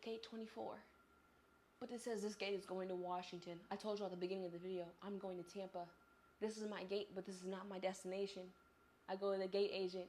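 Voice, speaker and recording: A young woman in her twenties, a vlogger telling a chatty, animated story about her travel day straight to the viewer while on the move. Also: mid-range voice, fast talker, a little hiss or hum. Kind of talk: casual storytelling vlog. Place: on the move, traveling through an airport.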